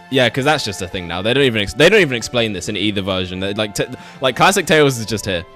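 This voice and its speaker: A man's voice: fairly low pitch, animated, fast, few pauses, a bit bright, soft background music. A young man streaming a game, chatting casually, rambling, swearing and laughing often while he talks to his chat.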